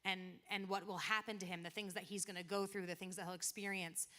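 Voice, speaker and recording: Bright-voiced woman preaching casually. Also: mid-range voice, level tone, a little fast. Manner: chatty and conversational, retells scripture in everyday slang with quoted asides. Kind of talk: casual sermon.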